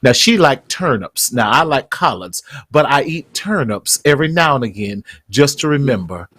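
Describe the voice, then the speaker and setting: A man's voice: mid-range voice, big pitch swings, normal speed, a bit bright. A man hosting a talk show, telling family stories with heartfelt, church-flavored phrasing and often repeating words as he talks. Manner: heartfelt storytelling, repeats words when moved; church-style phrasing, leads prayers. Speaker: host. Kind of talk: casual chat.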